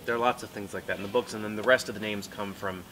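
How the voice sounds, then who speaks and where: A man with an American accent, answering interview questions in a relaxed, chatty way with playful asides. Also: fairly low pitch, quick pace. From United States. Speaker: guest author. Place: book fair. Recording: noisy book fair.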